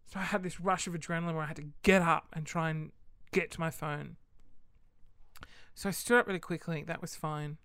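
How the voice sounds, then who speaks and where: Animated laughing storyteller woman, low voice. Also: fairly quick, dry recording, studio quality. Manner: animated, laughing, swearing freely. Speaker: vlogger. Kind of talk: casual storytime.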